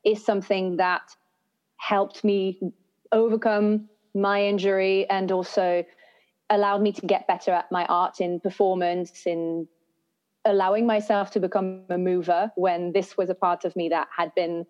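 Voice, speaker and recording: A woman's voice: mid-range voice, flat delivery, measured pace, darkish tone, muffled recording. A woman voice coach answering interview questions in a reflective, flowing and earnest way. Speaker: podcast guest, voice and breath coach.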